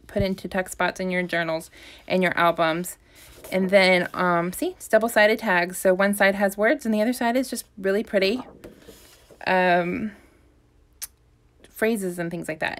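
A woman's voice: on the low side, a bit bright. A woman hosting a casual live stream from her craft shop, talking in a chatty, rambling way with lots of ums and self-corrections.

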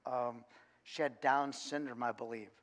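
A man, a coach, giving a sermon in a church and telling a lively, funny story with frequent restarts. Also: mid-range voice, unhurried. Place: church sanctuary. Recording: long church reverb.

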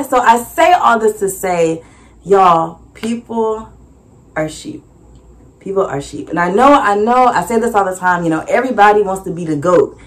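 A young woman vlogger casually recounting her vendor experience, acting out conversations with animated voices and frequent laughter. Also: moderate pace. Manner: animated, acts out dialogue with big pitch jumps and laughs. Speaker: vlogger and small business owner. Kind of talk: casual storytelling recap.

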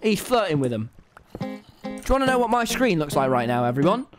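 A young man with a British accent hosts a live stream in a loose, rambling way, swearing freely as he signs off. His voice sits a little high and swings widely in pitch. Faint music plays underneath. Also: very animated, a little fast. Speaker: livestream host. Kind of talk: casual gaming stream chat.

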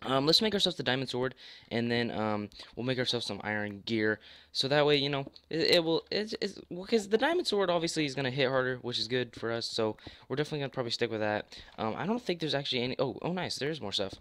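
A young man giving live gameplay commentary, hoarse with a worn-out voice, excitable, repeating phrases and yelping as he plays. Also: mid-range voice, quick pace, dry recording. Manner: excitable, repeats phrases, yelps and laughs mid-sentence. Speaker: gaming YouTuber.

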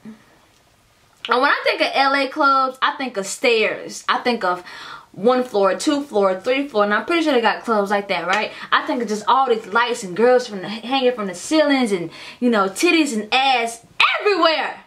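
A young adult woman tells a rowdy storytime vlog in a high, bright voice. She curses freely and keeps talking straight to her viewers as y'all. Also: moderate pace. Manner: animated, profane storytelling, addresses viewers as y'all. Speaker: vlogger.

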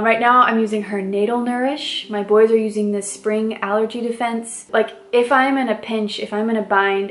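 A woman in her thirties from the American Midwest, chatting casually to camera as a lifestyle vlogger in an upbeat way, with lots of "like" fillers. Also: fairly high pitch. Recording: roomy echo with faint music.

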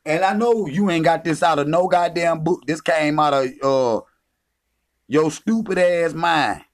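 A man's voice: on the high side, unhurried. A man delivering a heated, profane, taunting rant as a vlogger. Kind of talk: confrontational rant.

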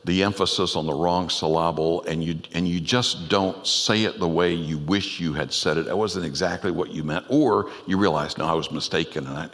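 Deep-voiced pastor preaching in a reverberant church. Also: male voice, fairly bright tone. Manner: earnest, conversational preaching with rhetorical questions. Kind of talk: sermon. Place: church sanctuary. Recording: long church hall reverb.

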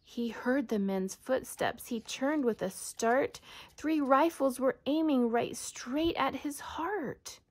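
A woman reading a children's storybook aloud in a soft, often whispered voice. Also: high voice, takes it slowly.

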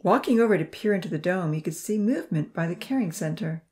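A woman reading a children's novel aloud in a calm, even storytelling manner. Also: lowish voice, fast talker. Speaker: audiobook narrator. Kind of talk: scripted narration.

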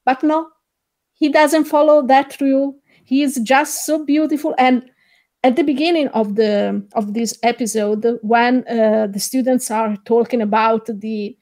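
Woman guest, slow measured delivery, fillers, slightly high voice. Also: fairly even intonation, darkish tone. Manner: thoughtful, hesitant, many fillers. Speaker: podcast guest. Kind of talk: casual discussion.

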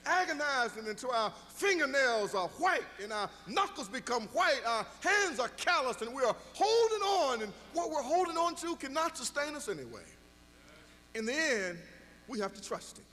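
A man's voice: very high-pitched, big pitch swings, normal speed, pushed and bright, long reverb tail. A middle-aged man preaching a sermon as pastor, telling stories and building to emphatic exhortation.

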